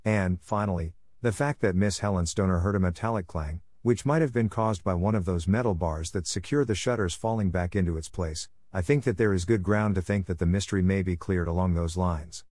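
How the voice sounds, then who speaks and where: A calm, ironic detective speaks in a bland, unruffled way, as a man reads him. The voice runs low and the sound is dry and close. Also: fairly quick, few pauses, no room sound.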